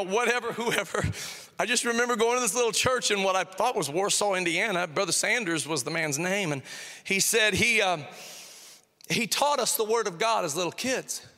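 A middle-aged male pastor with a high, bright, forceful voice preaches in a church sanctuary. The sound carries a long hall reverb. He tells stories in an animated way, repeats phrases, and acts out both sides of a conversation. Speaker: senior pastor. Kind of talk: sermon with storytelling.

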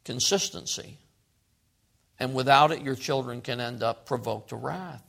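A middle-aged man preaching a sermon, swinging from loud emphasis to quiet asides. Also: mid-range voice, a little slow, gravelly.

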